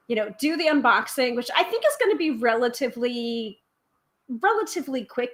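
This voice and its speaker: A woman's voice: medium pitch, fairly bright tone. Chatty American woman hosting a live stream. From United States. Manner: quick, chatty, many filler ums, reads viewer comments aloud. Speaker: tarot live stream host. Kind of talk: casual live stream chat.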